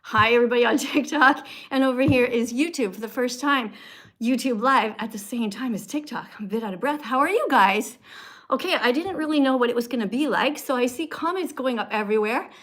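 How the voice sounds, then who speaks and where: High-voiced woman in her sixties, chatty. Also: fairly quick, fairly bright tone. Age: 60s. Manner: chatty, upbeat, laughs often, greets viewers by name. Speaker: livestream host. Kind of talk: casual livestream chat reading comments. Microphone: phone camera livestream.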